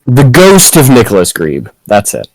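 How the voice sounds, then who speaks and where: A man's voice: medium pitch, wildly swooping pitch, moderate pace, darkish tone, dry recording, poor audio. A man chatting casually between tabletop game turns, rambling and restarting his sentences. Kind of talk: casual chat.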